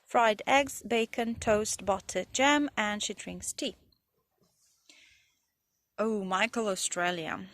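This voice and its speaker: A woman's voice: medium pitch, slow pace, pauses often, a bit bright. A young woman, a Slovene English teacher, reading textbook passages aloud and going over the answers with her pupils. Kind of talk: recorded lesson for pupils.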